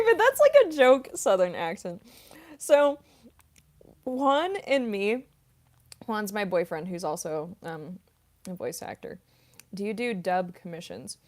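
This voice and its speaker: A woman's voice: a little high, animated, slow, pauses often. A young woman, a voice actress and singer, answering viewer questions in a rambling, casual livestream chat full of fillers and giggles.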